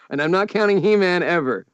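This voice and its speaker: Man, animated chat, laughs a lot, lively pitch, muffled sound. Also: normal speed, clear, resonant tone, dry recording. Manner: animated, laughs often, ranting. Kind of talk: casual chat.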